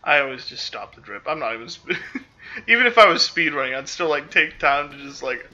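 Rambling man with a bright voice. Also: on the high side, lively intonation, brisk, lo-fi sound. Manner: rambling, full of "like" fillers, self-interrupting. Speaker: let's play host. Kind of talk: casual gameplay commentary.

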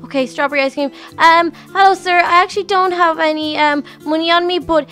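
A woman's voice: extremely high pitch, fairly even intonation, fairly quick, a bit bright, faint music behind. A woman host narrating a game role-play in a fretful manner, exclaiming often and talking to herself.

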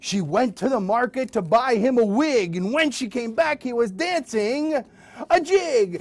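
A man's voice: very high voice, lively intonation, a little slow. Playful sing-song puppeteer man. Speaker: children's puppeteer. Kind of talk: children's rhyme storytelling. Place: hospital closed-circuit TV studio.

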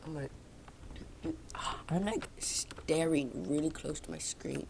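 A woman's voice: deep voice, unhurried, gravelly, long pauses, slight background noise. A young woman casually chatting over a video game, rambling and poking fun at herself. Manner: rambling, self-mocking, talks to viewers. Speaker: gaming vlogger. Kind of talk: casual gameplay commentary. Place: home, indoors.

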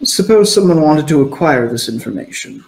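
A man voicing a scheming male lord who presses his point slowly and repeats himself. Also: on the high side, very animated, vocal fry, darkish tone. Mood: insistent. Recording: echoey room.

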